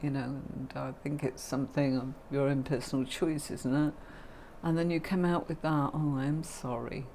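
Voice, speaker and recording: Her voice rumbles low with little pitch movement, a darkish tone, and a normal speed, against slight background noise. She is a middle-aged tarot reader hosting a livestream, teaching in a chatty, affectionate style and calling viewers "darling" and "my lovely."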